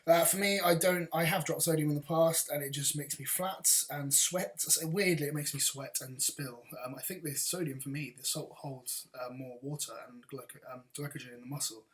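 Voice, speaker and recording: A man's voice: a little high, fairly even intonation, normal speed, few pauses, fairly bright tone. A man, a bodybuilder and coach, answering viewer questions in a casual, blunt, rambling vlog.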